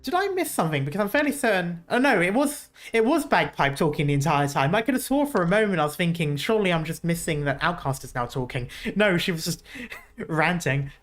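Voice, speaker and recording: A woman's voice: lowish voice, big pitch swings, a little fast, soft background music. A woman gaming streamer giving casual reaction commentary, laughing a lot and swearing in rambling asides.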